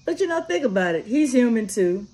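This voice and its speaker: A woman's voice: a little high, fairly quick. A woman vlogger who drives a party bus, giving casual commentary full of swearing and laughter, imitating gunfire as she talks. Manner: animated, swears a lot, laughs often, mimics gunfire. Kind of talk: casual profane commentary on a news story. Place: sitting and resting after work.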